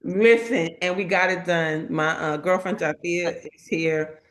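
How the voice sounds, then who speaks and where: A woman's voice: on the low side, measured pace. A woman hosting a casual live chat, telling stories and acting out the people she quotes. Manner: lively storytelling that acts out quoted people. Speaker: host.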